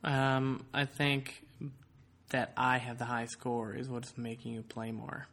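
A man hosting a casual chat podcast, with a voice of middling pitch. He rambles through a story, full of "like" and "you know". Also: flat delivery, takes it slowly, fairly bright tone. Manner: rambling storyteller, lots of fillers. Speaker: podcast host.

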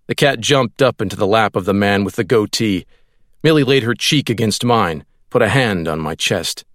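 A man's voice: on the low side, animated, moderate pace, fairly bright tone, no echo, studio quality. A man reading a literary story aloud as audiobook narrator, in a wry, storytelling way.

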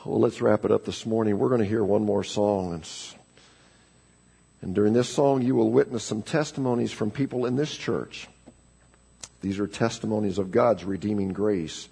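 Male pastor preaching in church; husky, gravelly voice that builds to loud emphasis. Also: lowish voice, fairly even intonation, moderate pace. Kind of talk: sermon. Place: church sanctuary.

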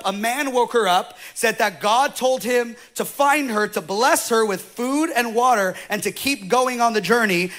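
A male pastor telling a story in a sermon, going from quiet storytelling to loud, excited preaching. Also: very high-pitched, a little hiss or hum.

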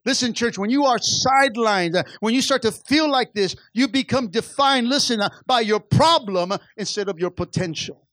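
A man's voice: extremely high pitch, normal speed, hardly any pauses, fairly bright tone, no echo. A man preaching a sermon to his church, repeating phrases and restarting words as he presses his point. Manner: preaching with rising and falling intensity, many repetitions and stammered restarts. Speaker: pastor.

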